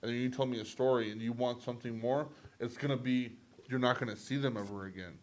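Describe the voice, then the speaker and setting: A man's voice: mid-range voice, steady tone, fast. A man hosting a podcast in casual, rambling chat, playful and profane. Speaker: podcast host.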